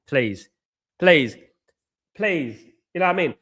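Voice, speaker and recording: A man with a somewhat high voice hosts a live football watchalong and rants at his viewers. He sounds worn out and frustrated, circling back to the same points with plenty of ums and restarts. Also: lively intonation, takes it slowly, long pauses, fairly bright tone. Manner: frustrated, repetitive ranting with many fillers. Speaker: host of a football fan channel.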